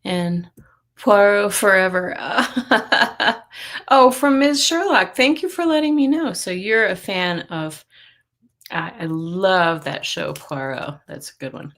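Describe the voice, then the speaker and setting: ゆっくり話す女性の配信ホスト. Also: female voice, mid-range voice, takes it slowly, a bit bright. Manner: chatty, greeting viewers by name with frequent laughs. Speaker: psychic livestream host. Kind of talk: casual live-stream chat.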